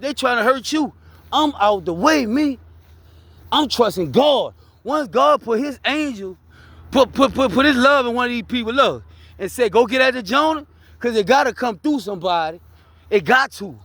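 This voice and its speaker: High-voiced Louisiana man preaching street wisdom. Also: fairly bright tone, no echo. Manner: preachy street talk, keeps repeating "you heard me?". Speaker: vlogger sharing his life story. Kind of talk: casual motivational talk.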